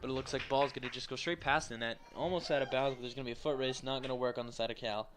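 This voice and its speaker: A young man calls a college soccer match at a fast clip, slightly tired and loose, dropping jokes between plays. His voice sits in an ordinary middle register. There is a clear hiss of noise under the commentary. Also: medium pitch, fairly even intonation. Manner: fast, loose play-by-play with joking asides. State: tired, yawning. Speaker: play-by-play commentator. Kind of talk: live sports commentary.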